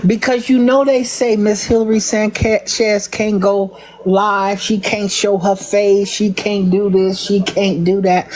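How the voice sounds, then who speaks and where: A woman's voice: mid-range voice, flat delivery, slow pace, hardly any pauses, a little mellow, poor audio. A woman doing casual live-stream commentary to her viewers, sassy and mocking, often breaking into laughter. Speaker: livestream commentator.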